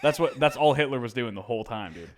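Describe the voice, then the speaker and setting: 冗談好きで軽口をたたく男性ポッドキャスト共同ホスト. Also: male voice, medium pitch, expressive, fast. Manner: joking, riffs with silly voices, says "dude". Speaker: podcast co-host. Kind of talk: casual chat.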